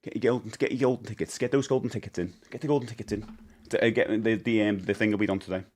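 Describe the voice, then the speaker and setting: A man's voice: on the low side, racing, noisy background. A British man in his forties chatting on a live stream, rambling with many fillers and greeting viewers as he goes.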